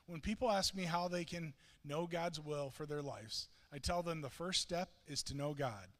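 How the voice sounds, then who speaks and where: A man's voice: on the high side, moderate pace, fairly bright tone. Earnest man preaching in a hall. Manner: earnest storytelling with frequent restarts. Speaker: pastor. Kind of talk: sermon. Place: church sanctuary. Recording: long reverb of a church hall.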